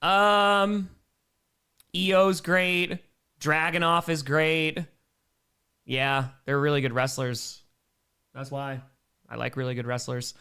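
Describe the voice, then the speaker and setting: A man's voice: a little high, steady tone, slow, pauses often, pushed and bright, clear, resonant tone. A man giving casual play-by-play on a live stream, chatting with viewers and answering their donation messages between plays. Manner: plays called in a plain announcer tone.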